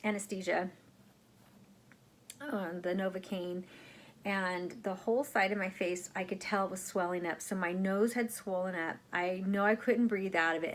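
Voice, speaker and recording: A middle-aged woman telling a long personal story to camera in a casual, rambling vlog, with many fillers and acted-out quotes. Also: lowish voice. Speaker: crafting vlogger.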